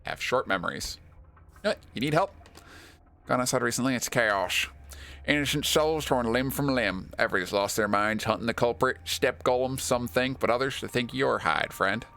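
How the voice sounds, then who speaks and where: A man voicing a gruff, sly male gang boss in a put-on cowboy drawl, reading game dialogue aloud. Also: medium pitch, moderate pace, sharp tone. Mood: folksy, gruff. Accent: put-on American cowboy drawl.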